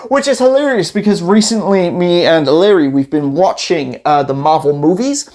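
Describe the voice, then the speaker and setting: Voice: medium pitch, animated, moderate pace, hardly any pauses, darkish tone. A gaming creator casually retelling a card game story event, rambling animatedly, acting out scenes in quoted voices and laughing often.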